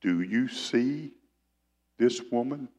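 Preacher doing a slow, solemn bible teacher voice, lowish, echoey church. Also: male voice, expressive, close to an everyday voice. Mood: measured. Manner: slow, deliberate, emphatic quoting. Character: calm authoritative male teacher from scripture.

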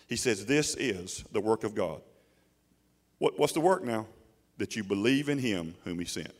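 A man preaching a sermon to a congregation in a folksy, animated way, often mimicking voices. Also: lowish voice, big-room sound. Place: church hall before a congregation.

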